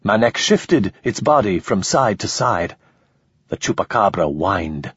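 A man reading a novel aloud in scripted, steady narration. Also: fairly low pitch, a little slow, breathy edge, no room sound. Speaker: audiobook narrator. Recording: slightly dull lo-fi recording.

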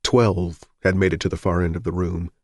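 A man narrating a novel in an even, measured audiobook reading. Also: low-pitched, no room sound, studio quality.

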